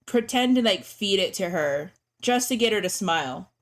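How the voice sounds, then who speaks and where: Gentle woman player in a tabletop game. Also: mid-range voice, expressive, moderate pace.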